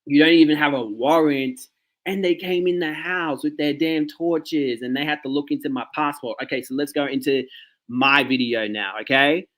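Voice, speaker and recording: A man's voice: fairly high pitch, normal speed, fairly bright tone. A man giving casual reaction commentary straight to his viewers, ranting with many "okay"s and "like"s. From Australia. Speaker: commentary vlogger.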